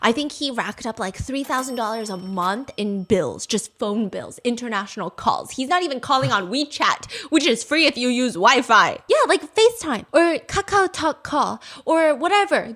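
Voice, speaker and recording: A woman hosting a podcast, telling a story in an animated, casual chat, often laughing as she goes. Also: high-pitched, normal speed, hardly any pauses. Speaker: podcast host.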